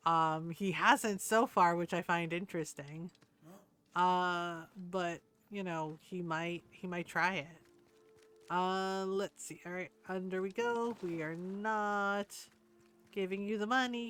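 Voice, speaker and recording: A woman's voice: fairly low pitch, fairly bright tone, clear, resonant tone. A woman streaming a game, chatting casually and rambling, with bursts of indignation. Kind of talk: casual gameplay commentary.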